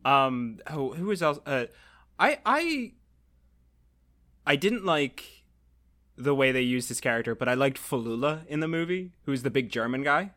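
A young man chatting casually, rambling and animated, laughing often. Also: medium pitch, measured pace, pauses often. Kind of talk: casual chat.

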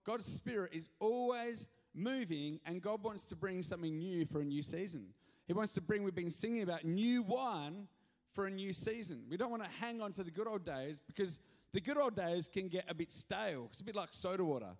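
A male pastor giving an animated, joking sermon with sudden loud rises in a church hall. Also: sits high, fairly quick. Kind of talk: energetic sermon.

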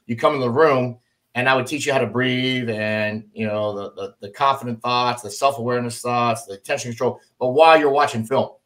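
A middle-aged man recounts his army days in an easygoing, conversational way. His voice sits in a middle register but springs upward whenever he mimics someone else's words, giving the tale a lively, theatrical bounce. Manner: animated, acts out quoted dialogue with jumps in pitch. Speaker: former army officer telling his story. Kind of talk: casual storytelling in a conversation.

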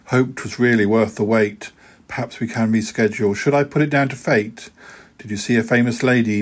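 Husky man reading rhyming poems. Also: mid-range voice. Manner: rhythmic sing-song reading with hesitant fillers in chat. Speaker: podcast host and poet. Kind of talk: reading his own rhyming poems aloud.

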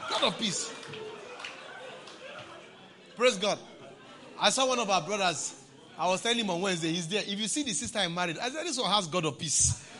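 A male pastor preaching a sermon, playful, often laughing and breaking into shouts. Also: high voice, expressive, moderate pace, pauses often, a crowd in the background.

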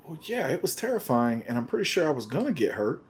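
A player in a tabletop game, talking in an animated, jokey way. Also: mid-range voice, fast talker, breathy edge. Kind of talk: casual tabletop play.

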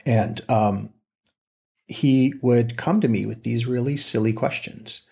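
A middle-aged man in casual conversation, telling workplace stories and acting out the quotes with lively shifts. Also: mid-range voice, slow pace, gravelly. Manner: animated storyteller, acts out quotes.

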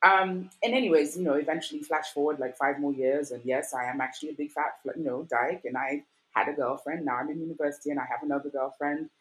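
A young woman with a low-pitched voice recounts her own story in a relaxed interview. She talks in an animated way, slipping into the voices of the people she quotes and leaning on casual fillers as she goes. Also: quick pace, poor audio. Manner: animated, acts out quoted voices, many fillers like "like" and "you know". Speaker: guest. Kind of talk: personal storytelling in conversation.

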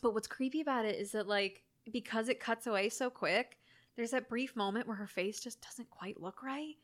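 On a podcast she co-hosts, a woman with a highish voice talks at a normal speed about a horror movie. She's animated, acting out scenes and doing voices.

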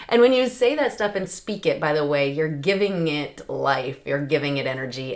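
A woman hosting a podcast, talking through a casual motivational monologue into a close mic, chatty and laughing often. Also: low voice. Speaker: podcast host.

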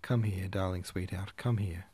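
A man reading the lines of a dreamy, excitable young girl in a storybook, with rapt enthusiasm. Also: low voice, normal speed, husky. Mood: enraptured.

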